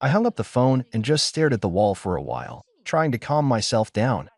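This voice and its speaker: A man narrating a first-person story in a steady, measured way. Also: medium pitch, no echo.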